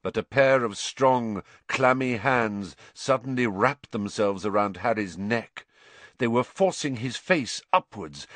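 A man narrating an audiobook in a measured, suspenseful way, dropping low for dark passages. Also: animated, dry recording.

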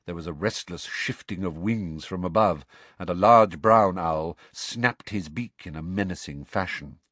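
A man narrating an audiobook in an expressive storytelling manner. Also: deep voice, unhurried, no echo.

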